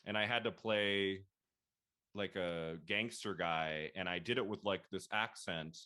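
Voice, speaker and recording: Male host in his thirties, bright and slightly low voice, chatty, laughs a lot, casual film-talk energy. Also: a little slow. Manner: chatty, laughs often, animated quoting of himself. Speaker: podcast host.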